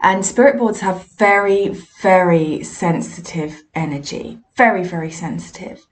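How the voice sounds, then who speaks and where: A woman's voice: lowish voice, a little slow. A woman, a spiritualist medium and teacher, telling personal stories in a frank, reflective and self-deprecating way. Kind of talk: candid personal storytelling monologue.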